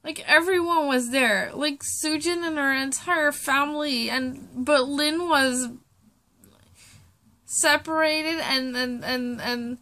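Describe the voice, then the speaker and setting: A young woman on a reaction vlog, choked up and tearful, talking in halting, broken sentences that trail off, with plenty of swearing. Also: sits high, sharp tone. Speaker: vlogger.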